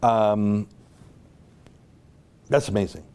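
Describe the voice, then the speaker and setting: North american guy hosting a show, rambly and sarcastic, mellow low-key voice. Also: steady tone, drawn-out words, clear, resonant tone. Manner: rambling, sarcastic, many asides. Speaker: online show host. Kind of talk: casual commentary.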